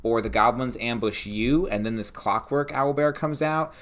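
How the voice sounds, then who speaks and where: A man's voice: mid-range voice, normal speed, a bit bright. A young man co-hosting a tabletop game podcast in casual chat. He rambles, full of fillers, talking his ideas out as they come. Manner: rambling, filler-heavy, talks it out. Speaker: podcast co-host, game master.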